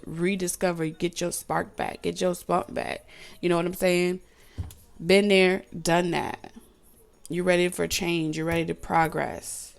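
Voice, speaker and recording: A woman giving a tarot reading straight to the viewer, blunt and animated, with slang and the odd swear word. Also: on the low side, gravelly. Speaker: tarot reader. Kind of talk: direct-to-camera tarot reading.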